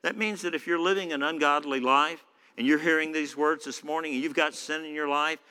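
A man's voice: fairly high pitch, fairly even intonation, a little fast, pushed and bright, clear, resonant tone. A man preaching a sermon in a church, conversational, with many fillers. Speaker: pastor. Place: church hall. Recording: echoey church hall.

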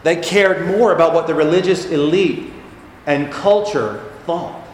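Pastor guy preaching, repeats his lines for emphasis, kinda high voice, big echoey church hall. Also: unhurried, a little hiss or hum. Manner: emphatic, repeats key phrases for stress. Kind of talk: sermon. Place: church sanctuary.

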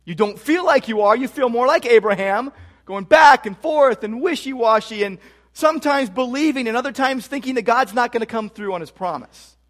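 A man's voice: very high voice, moderate pace, fairly bright tone. A man preaching a sermon as pastor, emphatic and repeating key phrases for stress. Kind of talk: expository sermon.

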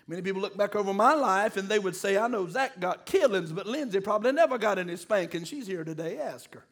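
High-voiced preaching man. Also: lively intonation, fast talker, fairly bright tone. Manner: call-and-response preaching, rising to emphatic peaks. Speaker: pastor. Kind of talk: sermon.

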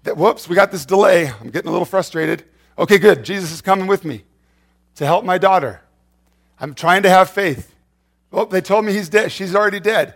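A man's voice: high-pitched, gravelly, pitched above the performer's own voice. A man doing an anxious pleading father. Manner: anxious, hurried, halting. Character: anxious father pleading for his dying daughter.

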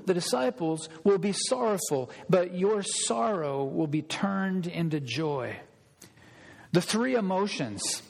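Animated preaching man in a hall. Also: fairly high pitch, gravelly. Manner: animated, conversational preaching with audience questions. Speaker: pastor. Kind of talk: sermon.

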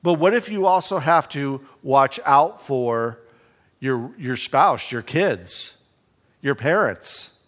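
A man's voice: medium pitch, expressive, takes it slowly, a bit bright. A man teaching a Bible study in a conversational way, reading scripture aloud with emphasis. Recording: long reverb in a hall.

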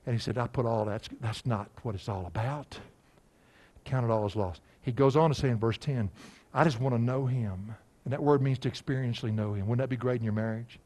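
A man delivers an animated sermon at a mid-range pitch. He keeps asking his listeners questions and slows down to read each verse aloud. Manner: animated, asks the congregation questions, slows for scripture. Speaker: preacher. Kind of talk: expository sermon.

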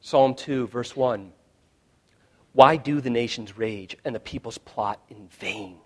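A male pastor preaching a sermon, swinging from hushed, quiet lines to loud shouted ones. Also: mid-range voice, slow pace.

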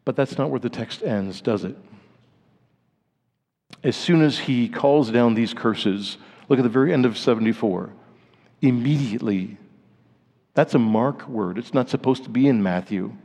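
A male pastor's sermon rings through what sounds like a vast sanctuary, with long reverb on every word. Animated and at a normal pace, his middle-pitched voice dips into hushed, grave lows before surging to emphatic peaks.

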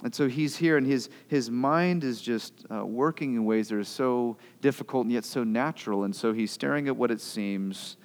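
A man preaching a sermon as pastor, impassioned, swinging between loud outbursts and quiet asides. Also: medium pitch, normal speed, hardly any pauses, big-room sound.

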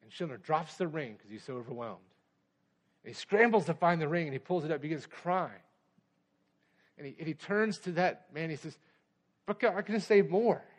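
A man with a notably high-pitched voice preaches a sermon to his congregation. He drives his points with urgent, emphatic repetition, then eases into relaxed, conversational storytelling. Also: moderate pace, long pauses. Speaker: pastor.

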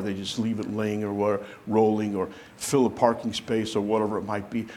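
A man preaching a sermon to a congregation, lively and conversational, acting out the voices of people he quotes. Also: on the low side. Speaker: pastor.

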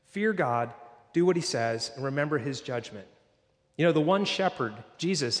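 A man preaching a sermon in a church, earnest, slowing down to read scripture. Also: a little high, long reverb tail. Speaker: pastor.

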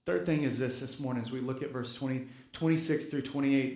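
A man's voice: mid-range voice, fairly quick, few pauses, darkish tone, roomy sound. A male pastor preaching a sermon, repeating key phrases and calling on the congregation to respond. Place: church sanctuary.

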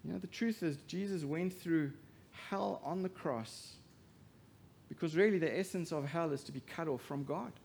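Emphatic high-voiced male preacher. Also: moderate pace, creaky. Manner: swings from hushed to loud, emphatic preaching; rhetorical questions to the congregation. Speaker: pastor. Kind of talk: sermon.

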